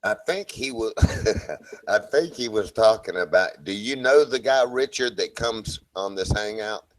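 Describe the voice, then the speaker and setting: A man with a Southern American accent chatting casually on a video call, friendly and encouraging, with a relaxed, lazy drawl. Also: fairly low pitch, unhurried, no echo, low-quality recording. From Southern United States. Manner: friendly, encouraging, admits to drawling lazily when tired. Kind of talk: casual chat on an online video hangout.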